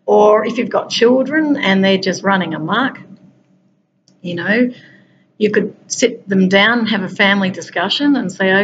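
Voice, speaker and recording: Woman coach, conversational motivational talk, mid-pitched voice, faint background noise. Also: unhurried, highs cut off. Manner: conversational, speaks directly to listeners. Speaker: peace and wellbeing coach.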